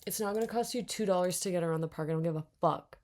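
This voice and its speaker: A young woman giving casual let's-play commentary, reacting out loud, muttering to herself and swearing a lot. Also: lowish voice, rapid-fire. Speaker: gaming streamer.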